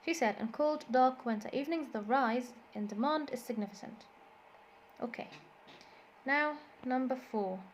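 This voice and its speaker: An Egyptian-accented woman walks a class through vocabulary, her voice sitting a little high. She repeats words over and over to show where the stress falls. A faint hiss runs under the recording. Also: normal speed. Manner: switches between English and Egyptian Arabic, repeats words to drill stress. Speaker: English teacher. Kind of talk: classroom lesson explanation.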